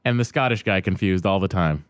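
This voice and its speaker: A man co-hosting a casual talk show, making gloomy, deadpan jokes. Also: sits low, brisk, clear, resonant tone, no echo, clean studio sound. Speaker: podcast co-host. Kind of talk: casual chat.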